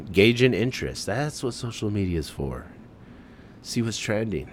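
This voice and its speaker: Laid-back deep-voiced man riffing casually. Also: lively intonation, moderate pace, a little hiss or hum. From American Midwest. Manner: laid-back, enthusiastic, says "man" a lot, swearing. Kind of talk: casual solo commentary.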